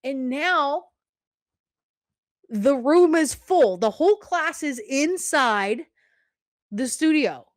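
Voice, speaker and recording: A young woman hosting a podcast, telling a story in an animated, profane way and often checking in with "okay?". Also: sits high, takes it slowly, pauses often, no room sound, studio quality. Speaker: podcast host. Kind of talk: casual storytelling.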